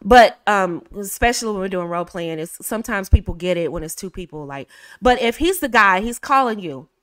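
A woman's voice: mid-range voice, animated, a little fast, dry recording. A middle-aged woman from the United States coaching a live class in a direct manner, acting out short phone dialogues. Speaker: etiquette coach.

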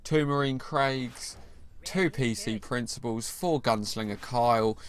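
A man's voice: mid-range voice, unhurried. A young man commentating his own mobile game match in a slangy, chummy way, calling the viewer mate and G. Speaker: gaming channel host. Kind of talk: live gameplay commentary.

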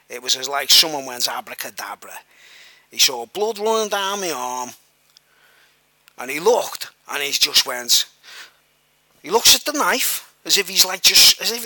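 A man's voice: a little high, sharp tone, dry recording, low-quality recording. A man telling a personal story straight to camera, rambling with many "like"s and "you know"s and talking to viewers as guys.

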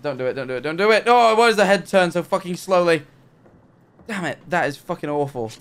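A man's voice: high-pitched, expressive, fairly quick, fairly bright tone, clean tone. Jumpy, swearing young male streamer. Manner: jumpy, nervous, swears often, talks to himself. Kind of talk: live gameplay commentary.

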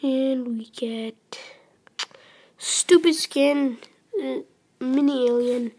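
A teenage girl with a high voice narrates her mobile gameplay, talking slowly and hesitantly. She is nervous and apologetic, breaking into sudden excited yelps as the match heats up. The sound comes through a phone mic. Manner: excited outbursts during play. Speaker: gamer.

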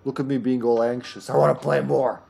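A man's voice: mid-range voice, steady tone, fairly quick, vocal fry, a little mellow, breathy edge, faint music behind. A man streaming a video game with friends, chatting casually, joking and laughing often. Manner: jokey, laughs often, rambling. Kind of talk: casual gaming chat.

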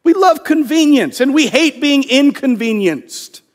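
A man's voice: very high voice, expressive, measured pace. A man preaching a sermon in a conversational way, acting out the voices of people he quotes. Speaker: pastor.

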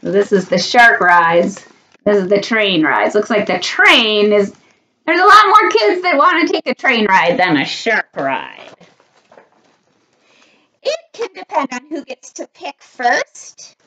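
A woman reading a picture book aloud to children, animated and laughing often. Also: medium pitch, a little slow, muffled recording. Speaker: storytime reader.

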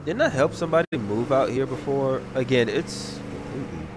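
A man's voice: medium pitch, expressive, brisk, background noise. A man with a cold giving casual let's-play commentary, rambling and talking to himself with goofy asides. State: sick with a cold. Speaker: gaming video creator. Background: game music.

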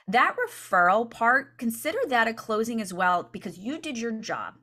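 A woman coaching real estate agents in a training session, energetic and chatty, often checking in with "right?". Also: a little high, normal speed.

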